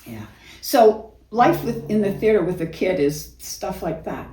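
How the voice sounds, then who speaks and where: A woman's voice: medium pitch, sing-song, a little slow, slight background noise. An older woman tells theater stories in an easy, chatty way, laughing through them. She sounds a little distant from the mic, and the room carries a roomy echo. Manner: chatty storyteller, warm laughs through anecdotes. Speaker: actress and singer, guest. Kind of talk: casual interview, reminiscing.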